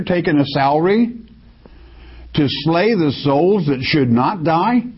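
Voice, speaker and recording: Slow husky male preacher. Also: on the high side. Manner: emphatic, reads scripture aloud and comments. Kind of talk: sermon, Bible verse-by-verse teaching. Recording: dull lo-fi recording.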